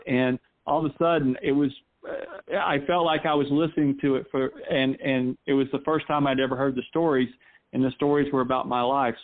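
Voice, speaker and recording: A man from North Carolina, a golf instructor guest chatting casually in an interview and rambling with frequent restarts. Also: mid-range voice. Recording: tinny phone line.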